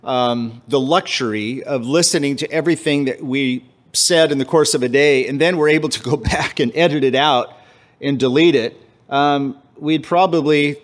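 A man preaching a conversational sermon, casual and halting, often restarting his phrases and acting out quoted voices. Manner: acts out quoted voices with jumps in pitch. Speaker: pastor.

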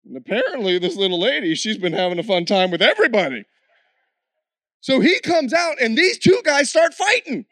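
A man, a missionary, tells his story in an animated way with frequent laughs, then slows into an earnest prayer. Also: sits high, dry recording, studio quality. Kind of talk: testimony story ending in prayer.

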